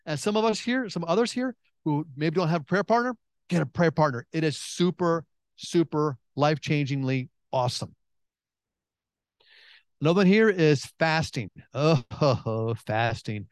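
A man in the pulpit, preaching in a loose, joking way. His voice sits fairly high, and he acts out prayers and reactions with big leaps up in pitch. The sound is close and dry. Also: normal speed, no echo. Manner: chatty and joking, many restarts. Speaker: pastor. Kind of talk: sermon.

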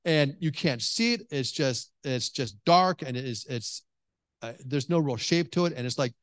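A man preaching a sermon to a congregation, telling stories in an animated way with many restarts. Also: mid-range voice, normal speed, dry recording, clean studio sound. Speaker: pastor. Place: church hall with congregation.

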